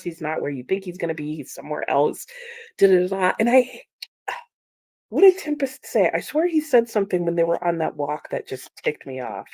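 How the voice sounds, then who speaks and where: A woman hosting a casual book chat, animated and emphatic, with frequent "like" and laughter. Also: on the low side. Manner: animated and emphatic, with repeated exclamations. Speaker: book livestream host.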